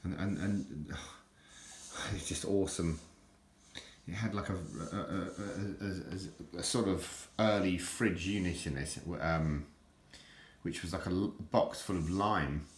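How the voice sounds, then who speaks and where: A man's voice: takes it slowly, reverberant. An older man chatting casually in a rambling, stammering way, often repeating his words as he shows off items he collects. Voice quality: deep, self-described nappy voice.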